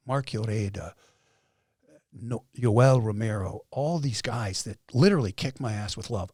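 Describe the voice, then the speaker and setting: A man's voice: mid-range voice, darkish tone, no room sound, clean studio sound. A man in his fifties telling his story as a podcast guest, acting out quoted voices and swearing freely. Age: 50s. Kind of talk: animated storytelling.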